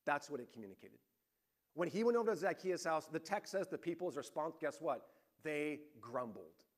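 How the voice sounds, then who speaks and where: A male pastor preaching a sermon, telling stories in a lively way that swings between rising emphasis and hushed, quiet points. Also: on the high side, brisk.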